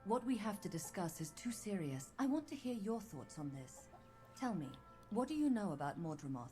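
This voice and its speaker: A woman voicing an ancient, motherly plant-spirit queen in a video game, speaking in a serene, measured, formal way. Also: mid-range voice, sing-song, mellow, soft background music, lightly acted. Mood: grave. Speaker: game character.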